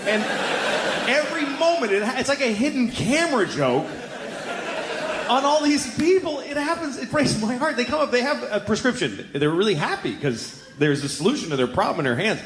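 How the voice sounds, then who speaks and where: A male stand-up comic telling a story on stage, his fairly high voice leaping around as he acts out every character with crude, excitable energy. The sound is a live recording, with a long hall reverb and clear background noise from the room. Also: moderate pace. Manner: animated, profane, acts out characters with big voice swings. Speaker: stand-up comedian.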